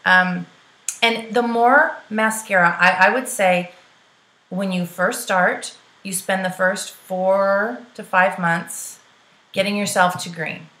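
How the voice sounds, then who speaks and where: A woman's voice: mid-range voice, fairly even intonation, slow, pushed and bright. A woman giving sales coaching to the camera, chatty and peppy, often checking in with "right?" and calling her listeners "girl". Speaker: direct sales trainer. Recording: roomy echo.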